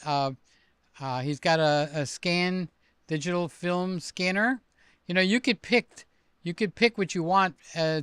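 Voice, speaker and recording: An older man hosting a casual livestream, chatty and excitable as he reads out comments and gives shout-outs. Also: on the high side, clean tone, dry recording, clean studio sound. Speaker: livestream host.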